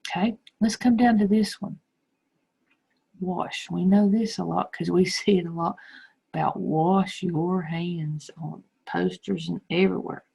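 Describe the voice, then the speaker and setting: A middle-aged woman teacher explaining phonics to young children slowly and patiently. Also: fairly low pitch, fairly even intonation, vocal fry, mellow, husky, poor audio. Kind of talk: recorded phonics lesson.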